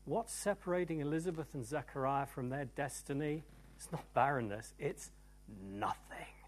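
A man preaching a sermon to a church congregation, emphatic and animated, moving from loud cries to hushed tones. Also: on the high side, a little fast. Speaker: pastor. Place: church service before a congregation.

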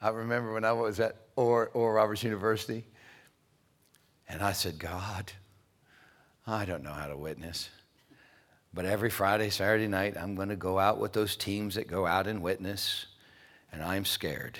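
A middle-aged male preacher delivering a sermon, moving between loud, stretched-out declarations and quiet, hushed storytelling. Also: fairly low pitch, fairly even intonation, fairly quick.

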